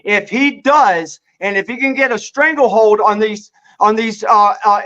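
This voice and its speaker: A man's voice: high-pitched, fairly bright tone, highs cut off. A man arguing politics heatedly as a panel guest, talking over the others and insisting on making his point.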